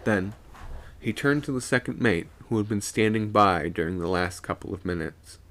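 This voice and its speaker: A man's voice: fairly low pitch, moderate pace, a bit bright. A man streaming live, reading a ghost story aloud and voicing its characters.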